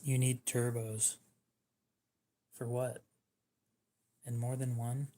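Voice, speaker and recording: A man's voice: medium pitch, flat delivery, takes it slowly, dark tone. A young man hosting a livestream, giving dry, teasing replies to chat in casual talk. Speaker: livestream host.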